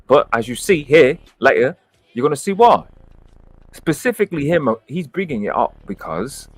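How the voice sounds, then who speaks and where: A man's voice: medium pitch, fairly bright tone, no echo. A man with a British accent hosting a livestream, giving brash, profane and boastful commentary into a close mic at home. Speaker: livestream host.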